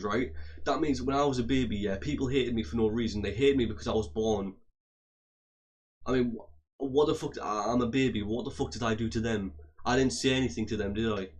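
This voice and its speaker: A man ranting heatedly to his audience, swearing often and repeating and restarting his phrases. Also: medium pitch. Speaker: vlogger. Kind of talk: angry profane rant to camera.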